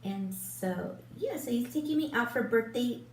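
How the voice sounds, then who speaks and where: A woman's voice: fairly high pitch, lively intonation, normal speed, a little mellow, a little hiss or hum. A woman in her fifties, a beauty vlogger chatting casually while getting ready, rambling with lots of ums and restarts. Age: 50s. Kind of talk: casual get-ready-with-me chat. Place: room at home in front of a big lit mirror. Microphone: camera a little way off, turned sideways. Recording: roomy echo, voice a bit distant from the mic.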